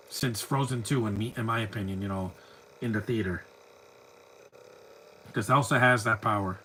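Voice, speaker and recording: A man's voice: on the low side, moderate pace, pauses often, pushed and bright, slightly rough, poor audio. A man giving a live movie commentary, chatty and opinionated, full of rambling asides. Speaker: film commentator.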